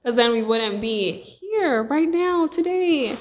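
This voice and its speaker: A woman hosting a casual interview podcast, animated and excitable, often acting out what others said to her. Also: sits high, slow pace. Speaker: podcast host.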